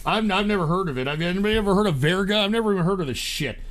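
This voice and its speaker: A man's voice: high-pitched, lively intonation, racing, a bit bright. A man hosting a livestream, ranting angrily and cursing constantly, stammering through restarts. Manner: profane, angry ranting. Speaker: livestream host.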